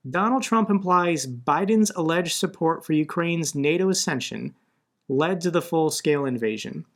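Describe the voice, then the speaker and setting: A man's voice: a little high, animated, moderate pace. A man from the United States giving blunt, conversational commentary on the news, growing more indignant as he argues. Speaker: political commentator. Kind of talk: casual commentary video.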